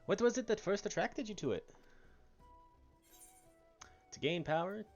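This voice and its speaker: A man's voice: high voice, animated, a little slow, gravelly, highs cut off, faint music behind, voice pushed up, heavily acted. A man voicing a chatty, folksy male merchant aboard a ship, reading game dialogue with a wobbly attempt at an Irish accent. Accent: attempted Irish, drifting. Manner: folksy, slangy, wavering accent.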